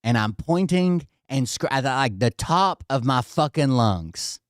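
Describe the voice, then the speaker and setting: A man's voice: medium pitch, animated, measured pace, no room sound, clean studio sound. A man vlogging from indoors at his home, telling a rambling, profane story straight to his viewers.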